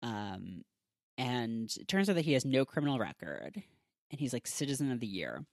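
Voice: medium pitch, very animated, moderate pace, creaky, no room sound, clean studio sound. A podcast host giving a casual, chatty episode recap, full of filler words.

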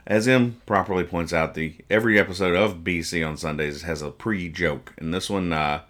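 A man's voice: sits low, normal speed, a bit bright. A man hosting a podcast, casually reading comic strips aloud, joking, rambling and explaining each joke. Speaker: podcast host.

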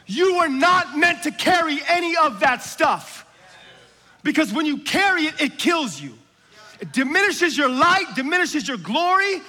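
A man preaching a sermon with passion, building to shouts on key lines. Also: very high voice, very animated, unhurried, long reverb tail.

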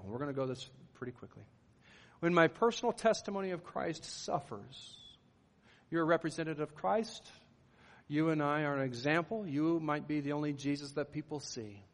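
A man's voice: on the high side, long reverb tail. A middle-aged man, a pastor, preaching a sermon in an earnest, conversational way, with rising emphatic bursts.

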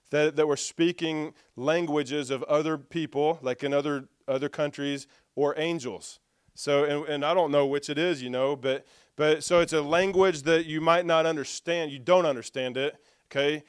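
Male preacher, animated storyteller, smooth resonant tone, slightly high, dry close sound. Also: dry recording. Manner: lively storyteller who acts out dialogue with humor. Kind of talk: storytelling sermon.

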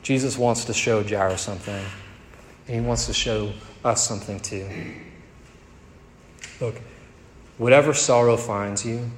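A man's voice: mid-range voice, steady tone, a little slow, pauses often, a little hiss or hum. Man preaching in an echoey hall. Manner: dynamic preaching, dropping to soft tender tones and rising to emphatic peaks. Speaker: pastor. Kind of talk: sermon. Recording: echoey hall with faint ambience.

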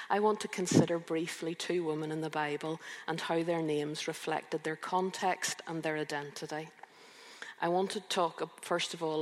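Gravelly woman in her fifties preaching. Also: low voice, long reverb tail. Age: 50s. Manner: reflective, slow and emphatic, with rhetorical questions. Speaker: preacher and youth counsellor. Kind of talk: sermon.

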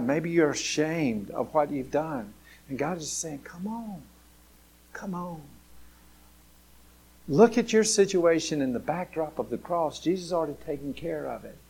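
A pastor with a slightly high voice preaches in a dramatic, earnest way. He drops to near hushed tones, then rises to loud, excited bursts, and speaks straight to his listeners. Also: husky. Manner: earnest and direct, addressing listeners. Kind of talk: sermon.

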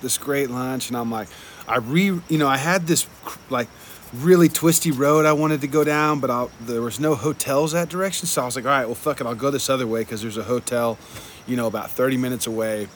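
A man's voice: mid-range voice, a little fast, a little hiss or hum. Laid-back swearing young man telling a travel story. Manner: laid-back, heavy swearing, lots of "like" and "dude". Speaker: traveling motorcycle vlogger. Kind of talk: casual rambling travel storytelling.

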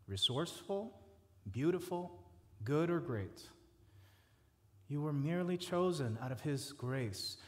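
A man preaching a sermon, stacking words with rising force and dropping soft and low for quoted laments. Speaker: pastor. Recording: reverberant hall.

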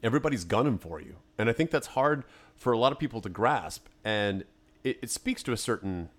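A man's voice: medium pitch, lively intonation, brisk. A man co-hosting a podcast in a studio, thinking aloud and arguing his take on a film in casual chat. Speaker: podcast co-host. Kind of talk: casual movie review chat.

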